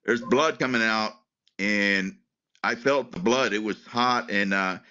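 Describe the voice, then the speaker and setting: A man speaks slowly in a bright, forceful voice, stopping and starting as he recounts his story, repeating his words. The recording sounds muffled and lo-fi. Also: on the low side. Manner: halting, repeats words, restarts sentences. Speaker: interviewee, retired Air Force veteran. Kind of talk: emotional personal account in an interview.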